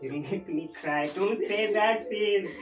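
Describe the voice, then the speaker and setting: A woman with a Kenyan accent acting an older sister who calms a crying sibling in a community drama. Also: mid-range voice, slow pace, natural voice. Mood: soothing. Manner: soothing, repetitive reassurance. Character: steady older sister consoling a grieving sibling. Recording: echoey, distant mic, loud music.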